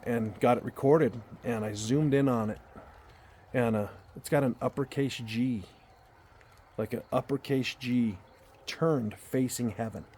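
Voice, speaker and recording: Slight background noise accompanies a storyteller vlogger's darkish, mid-range voice in a backyard at night. He tells a personal story with heartfelt, casual earnestness, rambling and often repeating or restarting what he says.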